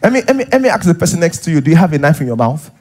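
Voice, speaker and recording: Rapid-fire and darkish in tone, this high-leaning male voice belongs to a Nigerian-accented pastor whose pitch swings widely. He preaches in a church hall, playing out little scenes and stressing points by repeating them.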